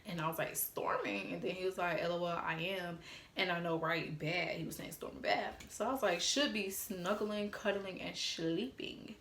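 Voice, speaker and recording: A blunt, sassy woman in her twenties, swearing freely as she tells a casual storytime. Her voice sits a little low, with a roomy echo around it. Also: normal speed, a bit bright, slight background noise. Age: 20s. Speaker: storytime vlogger.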